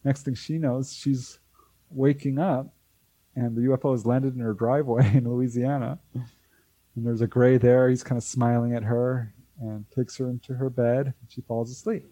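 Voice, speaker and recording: In an interview, a male author and UFO researcher tells a long story, animatedly acting out the voices of the people involved. His voice is medium in pitch and paced normally. The recording is rough and has no room sound.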